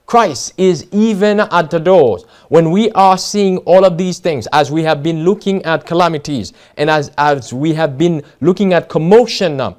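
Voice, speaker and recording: A man's voice: fairly high pitch, normal speed, hardly any pauses, a little mellow. An American man preaching a Bible study sermon, reading passages aloud with many fillers and restarts, stressing key words.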